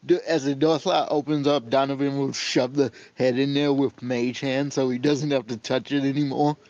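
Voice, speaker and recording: Man, tabletop player, calm, dull lo-fi sound. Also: mid-range voice, moderate pace, dry recording. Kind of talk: playing a tabletop game. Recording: muffled lo-fi mic.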